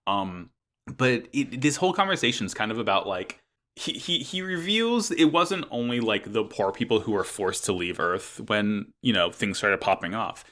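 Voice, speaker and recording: A man's voice: lowish voice, animated, moderate pace, a bit bright. A young man casually recapping an anime episode as podcast co-host, rambling with lots of ums and likes.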